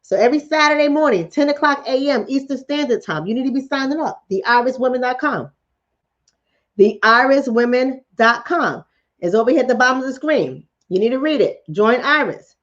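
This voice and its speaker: A woman hosts a mental health show as a casual livestream chat, addressing her viewers directly. She talks bluntly and swears freely, with a fairly high voice. The audio is dull and lo-fi. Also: animated, brisk, a bit bright.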